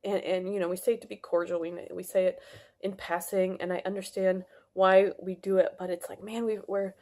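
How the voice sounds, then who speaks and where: A woman's voice: mid-range voice, little pitch movement, fairly quick, warm tone. A woman talking earnestly to camera in a casual, rambling monologue, full of restarts and fillers, as a wellness vlogger.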